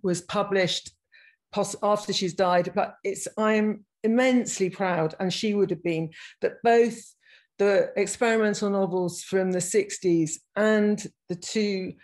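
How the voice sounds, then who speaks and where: A woman, giving a reflective talk over a video call and reading passages aloud, with halting phrasing and frequent restarts. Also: medium pitch, fairly even intonation, a little mellow, poor audio. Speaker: guest speaker.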